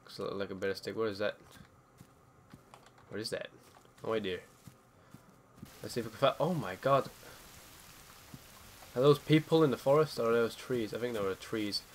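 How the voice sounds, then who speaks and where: A man giving casual gameplay commentary as he plays. He gets excited and spooked easily and swears freely. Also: on the low side, moderate pace, pauses often, a little hiss or hum. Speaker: let's play gamer.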